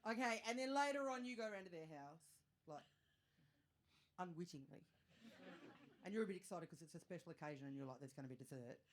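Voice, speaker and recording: A woman in her thirties with an Australian accent, performing a stand-up comedy set, chatty and self-mocking with quick asides to the crowd. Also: lowish voice, animated. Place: comedy venue stage with live audience. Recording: live show with audience noise.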